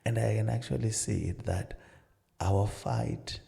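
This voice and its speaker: A middle-aged man, a marriage counsellor and pastor, earnestly telling stories and acting out dialogue in a relaxed conversation. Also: on the low side, measured pace, creaky. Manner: earnest storytelling with many "you know" asides, acting out dialogue. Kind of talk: casual advice-giving conversation.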